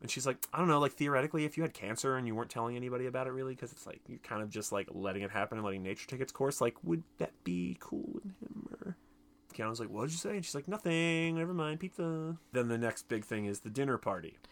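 A man co-hosting a casual podcast, retelling movie scenes with quick quoted voices and jokes. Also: medium pitch, a bit bright. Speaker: podcast co-host. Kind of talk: casual movie recap chat.

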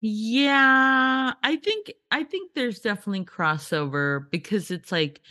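A woman's voice: on the low side, huge pitch swings, normal speed, a bit bright, dry recording, studio quality. A woman co-hosting a podcast in casual chat, giggly and joking. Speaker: podcast co-host.

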